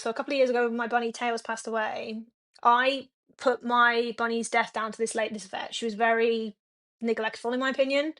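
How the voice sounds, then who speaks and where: High pitched streamer girl, sweary and rambly, just yapping at home. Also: a bit bright. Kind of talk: casual chat to a live stream audience.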